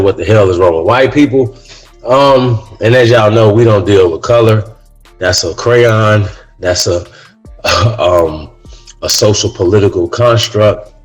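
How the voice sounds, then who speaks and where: A man's voice: fairly low pitch, low-quality recording. A man hosting a casual talk show, speaking in a loose monologue that keeps landing on "man" and "right?", and getting heated as he goes. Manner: says "man" and "right?" often; gets heated. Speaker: podcast host.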